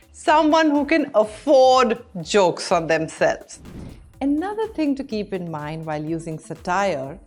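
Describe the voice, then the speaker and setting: A woman hosting a scripted explainer, bright and expressive. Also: a little high. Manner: bright, clear, expressive delivery. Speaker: host.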